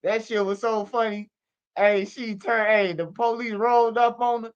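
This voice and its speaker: A man's voice: sits high, fairly even intonation, normal speed, clear, resonant tone, lo-fi sound. A man hosting a casual street news commentary stream, slangy and emphatic, ending lines with "bro" and "man". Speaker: commentary channel host. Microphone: streaming setup microphone.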